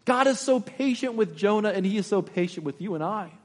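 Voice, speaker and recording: A man with a notably high voice delivers an impassioned sermon. He keeps turning to his congregation with rhetorical questions. His words ring out with the long reverb of a large church hall. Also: lively intonation, a little fast. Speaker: pastor.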